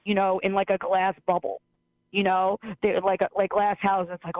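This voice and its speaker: Fed-up teacher calling in by phone. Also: male voice, high voice, completely flat delivery, normal speed, dry recording. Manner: exasperated, venting, many fillers like "like". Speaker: caller, schoolteacher. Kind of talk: casual phone call-in chat. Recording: tinny phone line.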